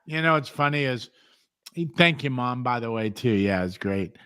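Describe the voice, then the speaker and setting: A man's voice: medium pitch, expressive, normal speed, sharp tone, smooth, no room sound. A middle-aged man chats casually as a talk show host, with a voice in the middle of the male range. He rambles through stories, leaning on "man" and "you know" as he goes. The sound is dry and close, with no room around it. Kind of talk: casual chat.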